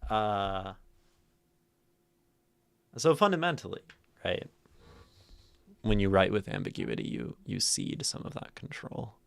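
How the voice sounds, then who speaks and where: A man hosting a poetry livestream, thinking out loud to chat, shifting word stress and checking in with "right?". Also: low voice, gravelly. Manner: thoughtful, tags phrases with "right?"; plays with stress, rereading lines different ways. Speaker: streamer hosting a poetry reading. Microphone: streaming mic and camera.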